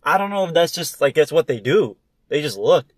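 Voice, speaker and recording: A man's voice: a little high, animated, a little fast, no room sound. A young man in a profane casual chat, laughing often and acting out voices in his stories.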